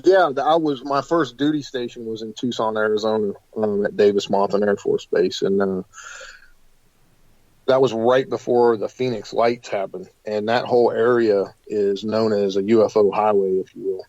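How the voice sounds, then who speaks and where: A man being interviewed about paranormal investigations, telling stories in an animated, hesitant way full of fillers. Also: lowish voice, moderate pace, dry recording, lo-fi sound. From United States. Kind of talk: casual interview storytelling.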